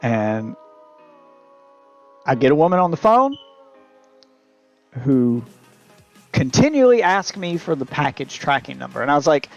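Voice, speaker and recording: A man with a slightly high-pitched voice tells a story to his live stream, swearing often and sounding worked up. Faint music plays under his talk. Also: measured pace, pauses often, dull audio. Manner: profane, exasperated, animated. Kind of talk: casual storytelling rant.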